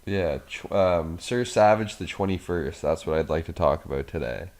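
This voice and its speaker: A man's voice: low-pitched, moderate pace, a little mellow. A man co-hosting a podcast, leading the topics in casual chat, with many fillers and some swearing. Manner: leads topics, filler-heavy, casual cursing. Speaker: podcast co-host.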